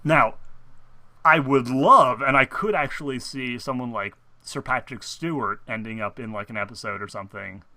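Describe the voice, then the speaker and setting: A man's voice: medium pitch, moderate pace, pushed and bright, no room sound. A young man co-hosting a casual fan talk show, rambling with lots of fillers and restarts. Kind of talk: casual chat.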